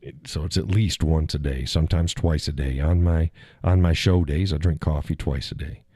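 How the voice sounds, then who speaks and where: Man host, very low and mellow voice, rambling casual livestream chat with frequent chuckles. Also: fairly even intonation, moderate pace, husky, dry recording, studio quality. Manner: rambling, chuckles often, answers chat viewers. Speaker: live stream host.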